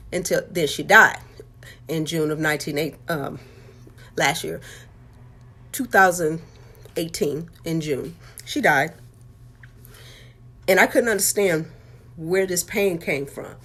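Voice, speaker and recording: A woman's voice: fairly low pitch, unhurried, pauses often, a bit bright, husky. Heartfelt woman telling her own story. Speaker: author sharing her life story. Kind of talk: candid personal testimony.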